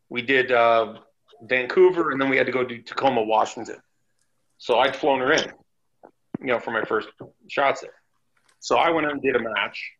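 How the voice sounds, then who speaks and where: A man's voice: mid-range voice, slight background noise. A man, a former wrestler guest, telling blunt, profane stories in a casual chat. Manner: blunt, profane, animated storyteller. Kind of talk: casual storytelling. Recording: dull lo-fi sound.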